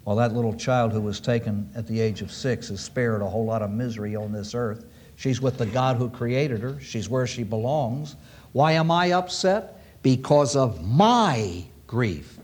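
A man's voice: mid-range voice, normal speed, darkish tone. A man preaching a sermon to an audience, emphatic and repeating key phrases for weight.

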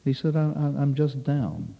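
A man's voice: sing-song, a little slow, creaky, lo-fi sound. A man, a priest, gives a sermon and tells a folksy anecdote, acting out the dialogue in a voice that climbs for each speaker. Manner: folksy storytelling, acting out dialogue with rising pitch. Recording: long reverb of a large hall.

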